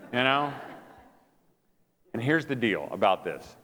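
A man's voice: fairly high pitch, moderate pace, pauses often, bright, forceful tone. A man giving a humorous sermon, telling self-mocking stories about family life to a live audience in a hall. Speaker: preacher.

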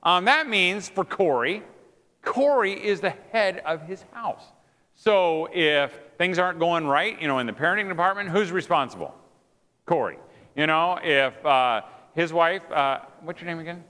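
Middle-aged male preacher, bright and animated, joking with the crowd, big hall with long reverb. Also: on the high side, moderate pace. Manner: animated, jokey, acts out quoted voices. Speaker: speaker at a marriage event. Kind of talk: humorous sermon. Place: large hall before an audience.

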